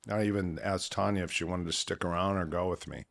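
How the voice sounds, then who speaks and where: A middle-aged man, a former fighter and coach, telling a story casually and acting out the voices of others, dropping quieter on grim parts. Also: low-pitched, brisk, gravelly. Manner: animated retelling that acts out quoted voices.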